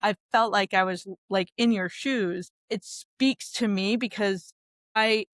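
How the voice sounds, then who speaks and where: A woman's voice: medium pitch, steady tone, takes it slowly, no room sound. A woman co-hosting a podcast, a social worker, responding empathetically and repeating phrases for emphasis. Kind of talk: podcast interview.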